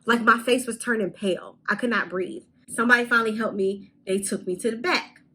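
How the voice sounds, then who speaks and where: A woman's voice: on the high side, a little fast, slightly rough, low-quality recording. Candid woman telling a storytime. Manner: animated, candid storytelling with casual swearing. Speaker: vlogger. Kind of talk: storytime vlog.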